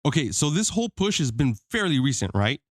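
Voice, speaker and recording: A man's voice: on the high side, sing-song, fairly quick, no room sound, studio quality. A man co-hosting a podcast, pushing back insistently in a heated casual debate and swearing freely. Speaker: podcast co-host.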